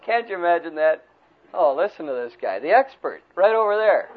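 Male preacher, folksy storytelling sermon, high voice, tinny phone-like audio. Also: a little fast. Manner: folksy, animated retelling.

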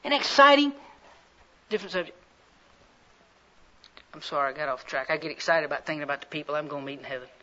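A man's voice: a little high, lively intonation, quick pace, long pauses, bright, forceful tone. A man preaching a sermon in a fervent, folksy storytelling way. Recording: slightly muffled recording.

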